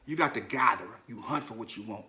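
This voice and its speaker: Talking fast in a lowish, sharp-toned voice, this man hosts a podcast and unloads a personal story. It's blunt, confessional and slangy, told straight to whoever's listening.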